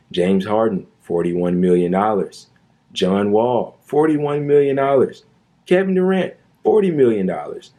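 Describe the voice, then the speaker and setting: A commentary YouTuber delivers an opinionated monologue in a warm voice on the low side. He sounds indignant and sarcastic, hammering his points home through emphatic repetition.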